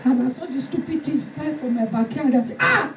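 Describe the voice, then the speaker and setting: A woman preacher delivering a fervent sermon, shouting and acting out stories. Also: high voice, a little fast, background noise. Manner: fervent, shouting, dramatic retelling. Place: church hall. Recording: echoey hall from far off with music.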